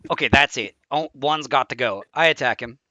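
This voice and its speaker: A man playing his character in a tabletop game, cheeky and animated. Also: medium pitch, brisk, no room sound. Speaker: player. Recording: dull dry lo-fi mic.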